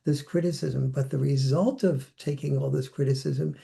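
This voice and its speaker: A man's voice: medium pitch, fairly even intonation, moderate pace, vocal fry, dark tone. An older man speaking reflectively as a podcast guest, now and then acting out the voices he quotes. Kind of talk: conversational interview.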